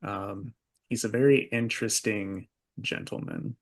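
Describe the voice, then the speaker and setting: A man co-hosting a podcast in casual chat, giving easygoing, measured opinions. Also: fairly low pitch, steady tone, vocal fry. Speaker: podcast co-host.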